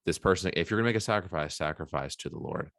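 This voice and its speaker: A man with a very low voice co-hosts a casual Bible discussion podcast. He retells the story with energy and acts out the characters' lines. The sound is close and dry. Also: quick pace, no echo. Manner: animated retelling with acted-out quotes. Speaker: podcast co-host.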